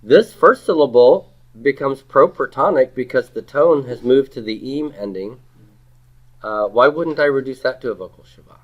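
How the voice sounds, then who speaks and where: A man's voice: medium pitch, normal speed. A man in the middle of his vocal range lectures a classroom, quizzing students and echoing back what they answer. He leads the group through repeated drills. The recording sounds a little dull and lo-fi. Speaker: Hebrew grammar teacher.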